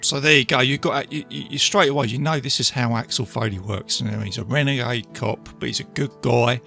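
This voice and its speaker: A man's voice: mid-range voice, fairly quick, gravelly, pushed and bright, faint music behind. A man, guest on a film podcast, talking chattily with tag questions and quoting scenes. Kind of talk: casual film review chat.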